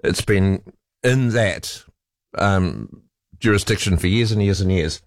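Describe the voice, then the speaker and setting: A man hosting a talkback radio show, chatting casually and interjecting with quick questions. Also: low-pitched, no echo, studio quality.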